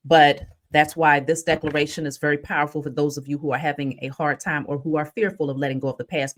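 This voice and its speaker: A woman hosting a casual spiritual vlog, telling stories in an animated, chatty way. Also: low voice. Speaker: spiritual reader.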